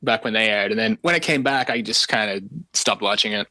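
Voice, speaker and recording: A man's voice: fairly low pitch, fairly quick, bright, forceful tone, poor audio. A man with an Australian accent, a guest on a podcast, rambling casually with many fillers. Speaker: guest animator. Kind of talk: casual chat.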